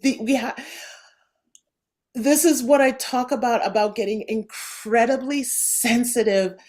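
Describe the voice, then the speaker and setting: A woman hosting a podcast interview, talking in an enthusiastic, animated way with lots of fillers and restarts. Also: a little high, measured pace. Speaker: podcast host. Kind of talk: casual interview chat.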